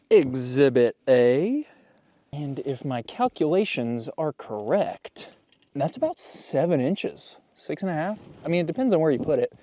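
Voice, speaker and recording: Out in a snowy yard, a man with a higher-pitched but dark-toned voice records a casual vlog. He's playful and goofy, chatting with both his dog and his viewers.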